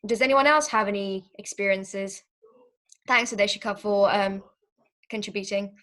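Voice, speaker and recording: A woman moderating a discussion on a video call, talking in a relaxed way and inviting others to share. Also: medium pitch, normal speed.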